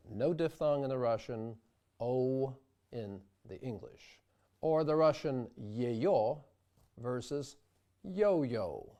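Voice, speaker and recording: A diction instructor with a warm, low-key tone explains pronunciation very slowly and carefully. In this scripted instructional narration, he deliberately demonstrates vowel sounds.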